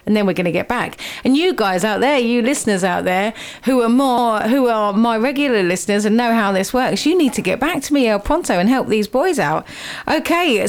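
Playful woman hosting a radio show. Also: a little high. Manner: playful, teasing, quizzes her guests. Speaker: radio host. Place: radio studio.

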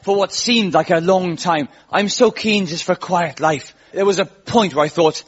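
A man with a high-sitting voice hosts a stand-up comedy set at a live venue, telling wry, self-mocking stories at a moderate pace. The lo-fi live recording is noisy and picks up audience laughter.

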